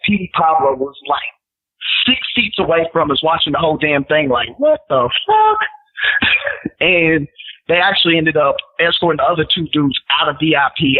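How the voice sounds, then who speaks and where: A man and guest rapper telling stories in casual chat, animated and acting out quotes in raised voices. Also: a little high. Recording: tinny phone line.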